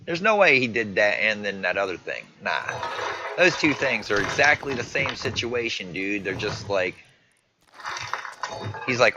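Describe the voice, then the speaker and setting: A man's voice: on the low side, lively intonation, moderate pace. A man livestreaming, animatedly reacting to and retelling video clips, swearing casually. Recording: dull lo-fi stream audio with faint noise.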